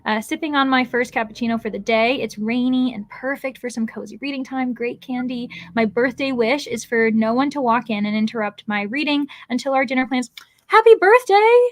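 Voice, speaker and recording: A woman's voice: on the high side, fairly even intonation, fairly quick, hardly any pauses. A woman hosting a casual livestream, chatting and reading viewer comments aloud, with lots of "like"s and laughs. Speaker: livestream host.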